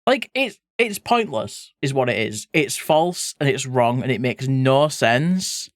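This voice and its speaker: Drawing on stream, this Leeds-raised English streamer talks casually and playfully with viewers, reads chat out loud and lets the occasional swear slip. The voice is medium in pitch with lively intonation and an unhurried pace, captured dry and close with no room sound.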